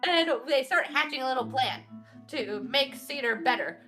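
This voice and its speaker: Very high-voiced giggly woman recapping. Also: animated, moderate pace, pushed and bright, faint music behind. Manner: giggly, breathless storytelling, frequent swearing. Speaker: player recapping a tabletop session. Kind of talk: casual recap of a game session.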